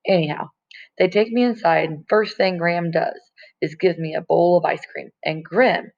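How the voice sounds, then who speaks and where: A woman's voice: fairly low pitch, fairly even intonation, normal speed. A woman reading a novel chapter aloud in a casual, conversational way, in a dull lo-fi recording. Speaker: audiobook reader.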